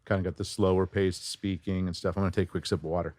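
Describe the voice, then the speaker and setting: A middle-aged man, a voice actor, chatting in an interview and breaking into quick voice demos as he explains. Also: sits low, no echo, studio quality. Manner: animated, demonstrates voices while explaining. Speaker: voice actor guest. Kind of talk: casual interview chat.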